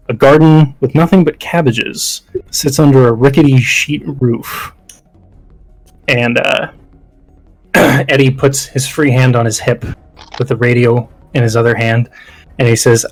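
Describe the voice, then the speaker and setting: Man, game master narration, mid-pitched, rambling, uh-filled, faint music behind. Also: rough recording.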